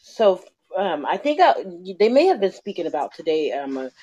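A woman's voice: on the low side, moderate pace. Chatty woman caller on muffled line. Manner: animated slangy storytelling, many fillers. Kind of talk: casual phone-in storytelling.

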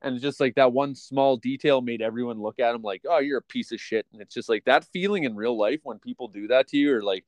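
A man co-hosting a podcast in casual chat, rambling with lots of fillers as he talks like an excited fan. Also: medium pitch, quick pace, few pauses, no echo. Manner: rambling, filler-heavy, enthusiastic fan talk. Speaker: podcast co-host.

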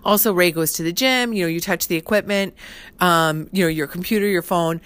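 Chatty woman with a low voice. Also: brisk, a bit bright, clean tone. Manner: chatty, heavy use of fillers like "like" and "you know". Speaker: podcast host. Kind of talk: casual storytelling to listeners.

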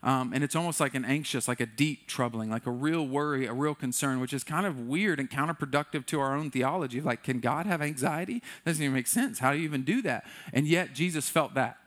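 A man's voice: medium pitch, brisk, hardly any pauses, a bit bright. A man preaching a sermon in a loose, conversational way, often acting out what people in the story say. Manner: conversational, playful, acts out quotes. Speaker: pastor.

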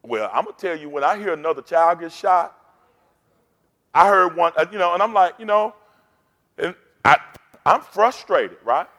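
Male pastor, higher-pitched voice, rousing call-and-response preaching, church hall echo. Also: animated, normal speed, pauses often, a bit bright. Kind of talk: sermon. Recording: long hall reverb.

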